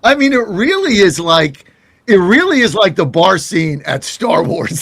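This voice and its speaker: A man's voice: high voice, big pitch swings, a little slow, creaky, a bit bright, slightly rough, no echo. An American man hosting a political talk show, chatting casually and indignantly, often laughing.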